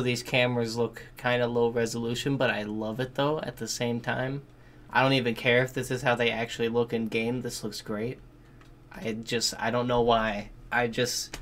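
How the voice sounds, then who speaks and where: A man giving casual, excitable reaction commentary on a game trailer, swearing freely and thinking out loud. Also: medium pitch. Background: game trailer music.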